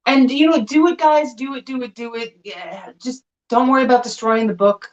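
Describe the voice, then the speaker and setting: Laughing a lot, this co-host glass seller shows off items for sale in easygoing, excited live chat. Her pitch is fairly high and her pace moderate, the sound missing its highs; she isn't from the South.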